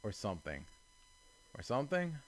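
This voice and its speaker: A young man giving casual let's-play commentary, exasperated and self-mocking, swinging between quiet mutters and loud outbursts. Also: fairly low pitch, wildly swooping pitch, normal speed. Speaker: gaming channel host.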